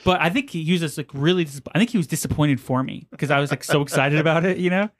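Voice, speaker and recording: Fast-talking rambling podcast guy. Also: fairly high pitch. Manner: rambling storyteller, many fillers. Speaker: podcast co-host. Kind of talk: casual chat.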